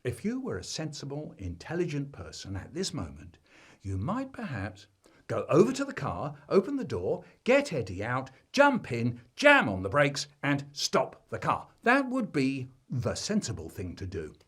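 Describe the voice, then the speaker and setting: Male storyteller. Husky, lively pitch, deadpan comic delivery. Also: moderate pace. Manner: dramatic swings between deadpan and loud.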